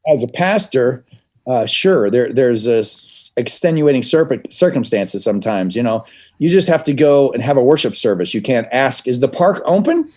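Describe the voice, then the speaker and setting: A man being interviewed as a comedy writer, giving short deadpan answers. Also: medium pitch, normal speed. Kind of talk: casual interview chat.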